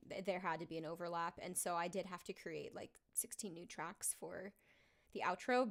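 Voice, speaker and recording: A woman singer talking casually on a live stream while recording her vocals, thinking aloud with lots of fillers. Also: on the low side.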